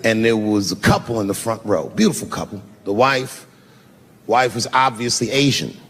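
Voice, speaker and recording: A man performing a profane stand-up routine on a big stage, shouting his punchlines. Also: fairly low pitch, lively intonation, moderate pace, husky. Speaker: stand-up comedian. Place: large live venue with audience. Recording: echoey hall, crowd laughter.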